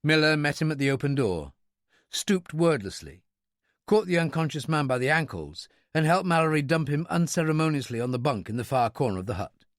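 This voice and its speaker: Expressive male audiobook narrator. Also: a little high, fairly quick, no room sound, clean studio sound. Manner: expressive, dramatic reading. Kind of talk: scripted narration.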